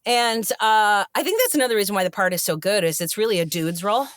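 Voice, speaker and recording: Lively storytelling woman, dry close mic. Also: mid-range voice, quick pace, no echo. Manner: animated storyteller acting out quoted voices. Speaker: actress guest. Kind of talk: casual interview chat.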